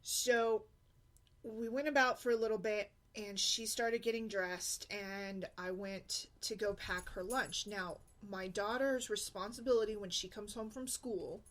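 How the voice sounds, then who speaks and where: A woman's voice: medium pitch, a bit bright. Fed up mom ranting casually, blunt, keeps hammering her point. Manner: exasperated, blunt, emphatic. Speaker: single mom blogger. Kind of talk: casual vlog rant.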